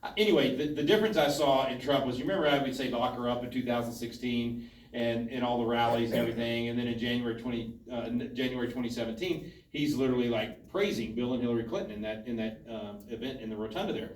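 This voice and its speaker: A man's voice: mid-range voice, fast talker. A man at a town hall, earnestly giving his view in a political discussion. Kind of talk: political commentary to an audience. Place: town hall meeting room. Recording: echoey hall from a distance.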